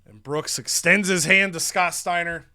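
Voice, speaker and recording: A man narrating a wrestling video game storyline in an animated way, slipping into the characters. His voice sits a little high and very bright. The recording is dry and close. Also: measured pace, no echo. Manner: animated, acts out characters' lines. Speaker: gaming channel host.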